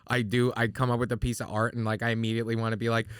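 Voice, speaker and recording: A man's voice: mid-range voice, level tone, very fast, clear, resonant tone, no echo, studio quality. A man from New York, talking as a guest in a casual podcast chat, rambling with lots of swearing and restarts. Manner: rambling, profane, many restarts.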